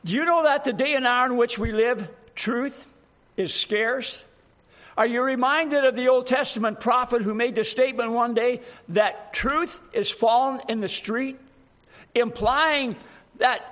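A man in his eighties preaching with a high, bright, ringing voice. He drives home each point with slow, emphatic repetition and weighty pauses. The recording sounds dull and lo-fi. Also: animated. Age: 80s. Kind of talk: sermon.

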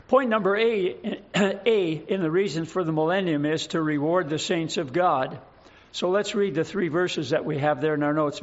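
A male pastor delivers a sermon in a high voice, praying and reading scripture in a deliberate, measured way. The recording sounds a little muffled. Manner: prayerful, measured, reading scripture in King James wording.

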